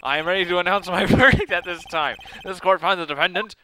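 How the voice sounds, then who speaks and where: A man's voice: sits high, quick pace, sharp tone. A man voicing a bumbling older male judge in a courtroom game, over game music. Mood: fussy. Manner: dithering, fussy.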